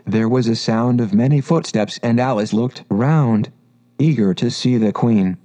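A man reading a storybook aloud in measured, steady narration. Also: medium pitch. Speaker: audiobook narrator.

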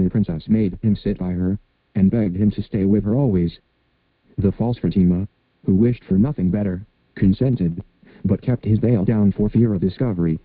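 A man reading a fairy tale aloud in a measured, even way, on a dry, phone-like recording. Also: fairly low pitch, dry recording. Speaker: storyteller. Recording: dry, phone-like narrow sound.

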